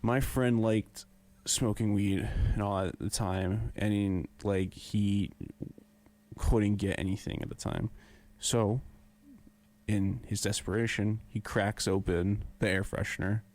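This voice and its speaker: A man's voice: on the low side, steady tone, slow, a little mellow. A young man co-hosting a podcast, telling a story in a casual, laughing way. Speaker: podcast co-host. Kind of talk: casual chat.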